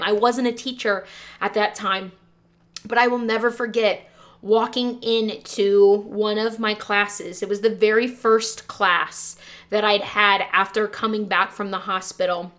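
A young woman who teaches and hosts a podcast, recounting a hard time from her own life. She talks in an earnest, emotional way and often says "like". Her voice sits at a middle pitch. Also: fairly bright tone. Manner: earnest, emotional, frequent "like" fillers. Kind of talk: personal storytelling podcast.

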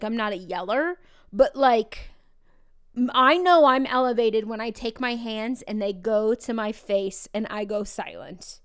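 A woman teacher hosting her own podcast, talking in a casual, loud and energetic way, candid and animated. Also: a little high, smooth. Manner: animated and candid, acts out quoted exchanges. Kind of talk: casual solo podcast talk.

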